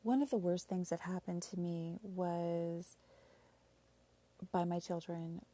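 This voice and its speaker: A woman host telling a personal story in an emotional, halting way, sometimes dropping to a whisper. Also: fairly low pitch, fairly even intonation, mellow. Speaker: podcast host sharing her story.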